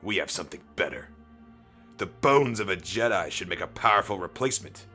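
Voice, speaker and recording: A man reading the lines of a scheming male settler leader as a low, measured villain in a comic. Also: expressive, sharp tone, faint music behind. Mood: menacing.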